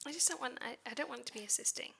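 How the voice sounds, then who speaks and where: A woman's voice: high voice, rapid-fire, creaky, bright, forceful tone, a little hiss or hum. A woman live-streaming as she codes, thinking aloud and muttering or whispering to herself.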